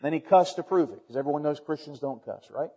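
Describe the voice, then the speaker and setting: A man's voice: fairly high pitch, expressive, quick pace, slightly rough. Emphatic preacher man in a hall. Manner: emphatic, rising to loud repeated questions. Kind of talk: sermon. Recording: dull long hall reverb.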